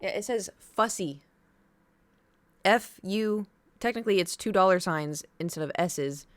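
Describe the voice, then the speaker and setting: A woman talks to her live stream chat in a loose, rambling way, piling one aside onto the next. Her voice sits at an ordinary middle pitch. She sounds casual and animated. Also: unhurried. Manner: chatty, rambling, animated retelling.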